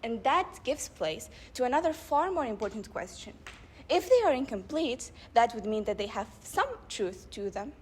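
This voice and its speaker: A young woman delivering a public speech at a debate club event, building her points with rhetorical questions and measured emphasis. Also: a little high, sing-song, a little hiss or hum. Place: live event before an audience.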